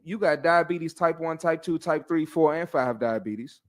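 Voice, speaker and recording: A young adult man hosting a casual fitness podcast, blunt and animated, slangy and quick to laugh. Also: on the high side.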